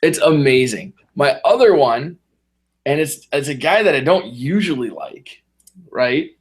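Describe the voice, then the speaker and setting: A man's voice: mid-range voice, very animated, measured pace, breathy edge. A man in casual podcast chat, animatedly retelling movie scenes and acting out the characters in voices. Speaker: podcast co-host.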